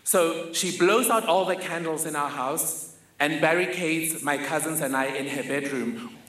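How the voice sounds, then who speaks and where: Speaking a little slowly, a young South African man recounts something that happened to him, poking fun at himself with wry, vivid humor. His voice is fairly high and a bit bright. The stage recording has hall echo and faint ambience.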